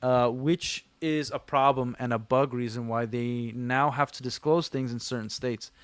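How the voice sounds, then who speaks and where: Unhurried and fairly even in intonation, this livestream host speaks at a medium pitch with a clean tone and no echo. He reads out chat messages and replies with teasing, slangy jokes in a loose style full of fillers.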